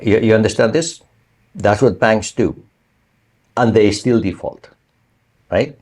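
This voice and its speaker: A man with a deep, low-pitched voice gives a university lecture. He talks in a loose, conversational way and keeps asking the class whether it is clear. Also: slow, darkish tone. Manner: conversational, asks the class for confirmation. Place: online or recorded lecture.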